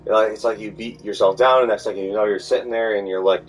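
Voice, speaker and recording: A man with a lowish voice and fairly even intonation talks fast in a rambling, meandering monologue full of fillers and restarts. He's picked up by a distant mic, with faint music in the background.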